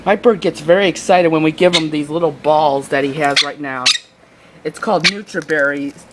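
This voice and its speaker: A man rambling casually in a home video, often restarting his sentences. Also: moderate pace. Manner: rambling, with many restarts and fillers; switches into high cooing baby talk for the bird. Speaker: video maker talking to his pet bird. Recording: noisy home recording.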